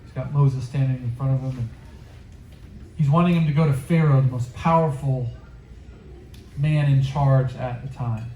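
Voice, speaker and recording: Male youth pastor, casual earnest sermon delivery, warm mellow tone, roomy echo. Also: medium pitch, steady tone, moderate pace, pauses often, muffled recording. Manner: earnest, conversational storytelling.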